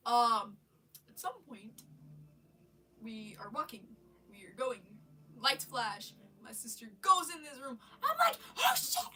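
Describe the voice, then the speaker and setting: A woman's voice: a little high, animated, takes it slowly, long pauses, pushed and bright, far from the mic, slight background noise. A woman with a stuffy nose on a casual live stream, rambling about her day and swearing, with lots of restarts, sitting in her bedroom.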